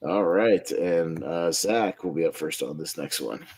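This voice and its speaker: A man's voice: deep voice, a little slow, darkish tone, slightly rough. A man hosting a casual online group chat, upbeat and laughing often as he runs the votes. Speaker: host.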